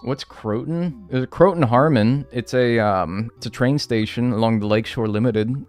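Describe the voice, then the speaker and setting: A man's voice: medium pitch, moderate pace, faint music behind. A man streaming a game live, talking casually and bouncing between chat replies, with a rambling, profane style full of "like". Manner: animated, rambling, swears, heavy use of "like". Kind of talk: casual livestream gameplay commentary.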